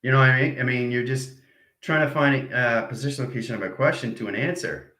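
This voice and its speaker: A man's voice: mid-range voice, fast, bright, forceful tone, echoey room, low-quality recording. A man giving a rambling spiritual lecture, repeating abstract jargon and checking in with his listeners. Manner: acts out arguing inner voices. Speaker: self-styled spiritual teacher.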